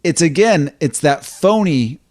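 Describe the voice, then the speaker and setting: A man's voice: a little high, lively intonation, measured pace, a little mellow, dry recording, studio quality. A man co-hosting a podcast in casual chat, thinking aloud and sometimes acting out lines in character. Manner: thoughtful, acts out lines in character. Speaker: podcast co-host.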